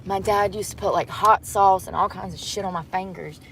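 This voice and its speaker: A woman talks to her livestream from a truck at a gas station. She is rambling, candid and salty-mouthed, with a mid-pitched voice. Faint vehicle noise hums behind her on a phone mic. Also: fairly even intonation, moderate pace, fairly bright tone. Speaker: vlogger. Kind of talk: casual chatty livestream.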